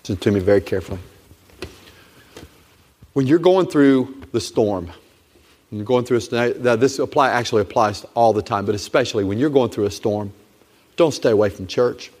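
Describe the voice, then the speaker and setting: A man's voice: mid-range voice, moderate pace, pauses often, darkish tone. A middle-aged man preaching a sermon as pastor, emphatic and repetitive, exhorting his congregation. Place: church sanctuary. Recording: long reverb of a church hall.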